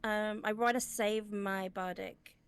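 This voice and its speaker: A woman playing a tabletop role-playing game, talking in a hesitant, rambling, excitable way. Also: medium pitch, slow pace, clear, resonant tone. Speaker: player. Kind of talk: casual tabletop game chat.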